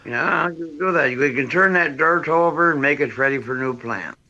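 A man's voice: on the high side, moderate pace, bright, forceful tone, dull audio. An older man, a priest calling into a radio show, chatting and teasing in a folksy way. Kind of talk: casual phone chat.

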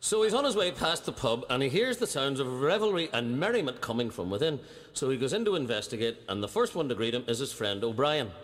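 Male joke teller, mid-pitched, animated storyteller; long hall reverb on the voice. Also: quick pace. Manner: animated storyteller, voicing characters with laughs. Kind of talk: telling a joke.

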